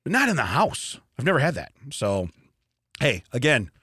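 A man's voice: medium pitch, normal speed, breathy edge, no room sound, clean studio sound. A middle-aged man co-hosting a podcast, telling stories in a casual chat and laughing often. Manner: animated storyteller, laughs often. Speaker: podcast co-host. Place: podcast studio.

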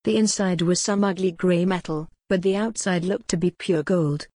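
A woman reading a gothic novel aloud as the audiobook narrator, in a measured, dramatic storytelling manner. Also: fairly low pitch, mellow, dry recording, clean studio sound. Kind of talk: scripted narration.

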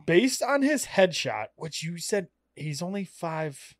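A man's voice: high-pitched, sing-song, slow, no echo, studio quality. A young man co-hosting a podcast, chatting casually, laughing often and getting worked up when he rants. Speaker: podcast co-host. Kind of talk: casual chat.

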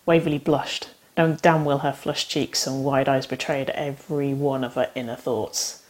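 A woman's voice: a bass voice, fairly even intonation, normal speed, a little mellow. A woman narrating a romance story aloud, giving the characters' lines light acted shifts. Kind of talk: audiobook-style fiction reading.

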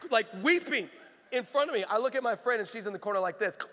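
A male pastor delivers a sermon in a very high, bright, forceful voice. He tells a story with a grin in it, then climbs to shouted, emphatic preaching. The sound rings with a long hall reverb. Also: lively intonation, quick pace, slight background noise.

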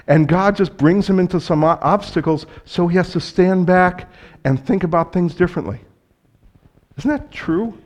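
A pastor with a fairly high-pitched voice preaches a sermon, telling stories conversationally and speaking directly to the congregation. He acts out dialogue, breaking into sudden loud bursts.

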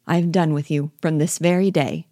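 A woman voicing a fretful, self-pitying middle-aged mother who complains in a slow, drawn-out, melancholy way. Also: low voice, fairly even intonation, dark tone, no room sound, studio quality, natural voice. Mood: scolding. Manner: whining, drawn-out melancholy delivery.

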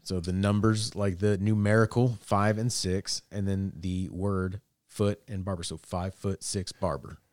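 A man's voice: low voice, little pitch movement, unhurried, few pauses, darkish tone, dry recording. A man on a podcast as a guest, chatting casually and joking while he talks up his barber work. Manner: joking, rambling, self-promoting. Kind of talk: casual chat.

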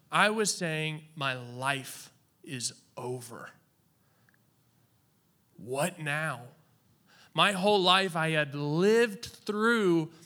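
A man from Oklahoma giving a personal faith testimony in an earnest, halting way, with long dramatic pauses. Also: sits high, bright, forceful tone.

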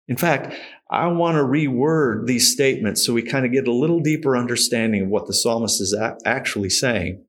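A man's voice: medium pitch, fairly bright tone. A man preaching a sermon, reading scripture aloud and stressing words with feeling. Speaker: pastor.

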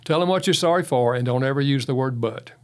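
A man's voice: mid-range voice, quick pace, smooth. A man talking as a guest in an interview, giving advice on marriage with folksy stories and frequent chuckles. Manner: folksy storyteller who chuckles often. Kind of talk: interview talk with anecdotes.

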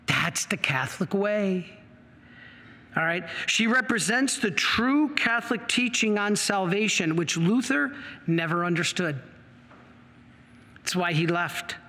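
A man's voice: high voice, expressive, slow, long pauses, pushed and bright. A middle-aged man, a priest, preaching with passion and telling a story, quoting the people in it. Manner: impassioned, storytelling with acted quotes. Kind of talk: sermon. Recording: long reverb of a large hall.

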